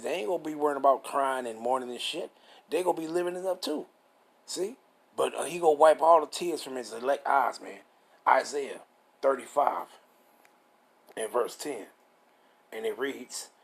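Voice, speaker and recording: A man reading scripture aloud and preaching on it in a casual, rough-edged way, reading verses slowly and stopping to ask rhetorical questions. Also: mid-range voice. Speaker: scripture teacher.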